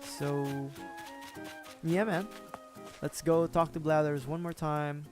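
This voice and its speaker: A man's voice: fairly high pitch, level tone, takes it slowly. A man chatting casually through a gaming livestream, rambling and correcting himself, often chuckling. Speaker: streamer. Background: game music.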